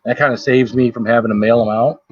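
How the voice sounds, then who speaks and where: A man's voice: mid-range voice, steady tone, fast, breathy edge, muffled recording. A man chatting casually on a live stream while eating, rambling and greeting viewers by name. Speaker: food challenge livestreamer.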